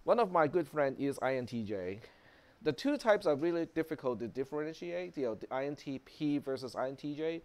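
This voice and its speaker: A man's voice: fairly high pitch, expressive, brisk, darkish tone. A man lecturing a college computer class in a casual, conversational way, full of fillers and checks like "okay?". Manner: conversational, many fillers and tag questions. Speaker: college instructor.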